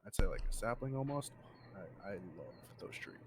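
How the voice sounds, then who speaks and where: A man with a lowish voice answers interview questions in a game role-play. He rambles and restarts his sentences often. A faint hiss sits under his voice. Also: lively intonation, normal speed. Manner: rambling, with many restarts and fillers.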